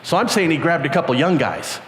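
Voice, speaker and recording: An older man giving a storytelling sermon to young people at a camp, acting out the characters in animated voices. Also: a little fast. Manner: animated, acts out characters with squeaky high voices. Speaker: camp speaker. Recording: long reverb, faint background noise.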